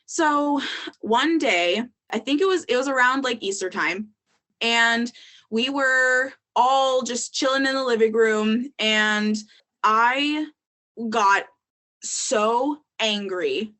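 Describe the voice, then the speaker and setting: A woman's voice: fairly high pitch, slow pace, pushed and bright. A young adult woman, a podcast guest, telling her story in candid casual talk, with frequent ums and likes.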